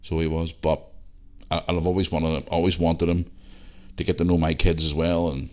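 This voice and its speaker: A man with a Northern Irish accent hosting a casual solo podcast, rambling and chatty, repeating himself and swearing freely. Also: deep voice. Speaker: podcast host.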